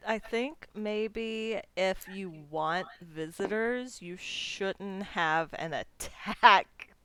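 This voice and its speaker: A woman's voice: medium pitch, extremely slow, sharp tone, smooth, dry recording. A woman playing a tabletop game, confused at times, swearing and muttering her dice math. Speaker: player. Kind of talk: casual tabletop play.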